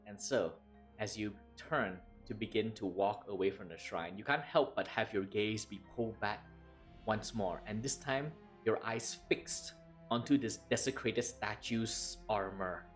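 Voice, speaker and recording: Male game master, measured tabletop narration, soft music bed. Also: lowish voice. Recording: faint background music.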